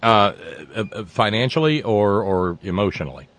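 Low-voiced folksy male radio host. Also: lively intonation, normal speed, a bit bright. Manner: folksy, joking, stumbling restarts. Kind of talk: casual radio conversation.

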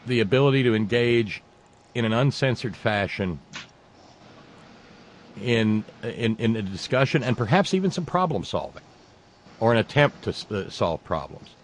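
A man hosting a political talk show, speaking in a halting, sarcastic way with many restarts. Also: mid-range voice, animated, a little hiss or hum. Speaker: talk radio host.

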